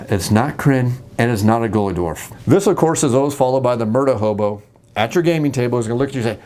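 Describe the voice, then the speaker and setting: Fast-talking, jokey male game host. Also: medium pitch. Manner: animated and jokey, acts out table scenes. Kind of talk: casual talk about tabletop games.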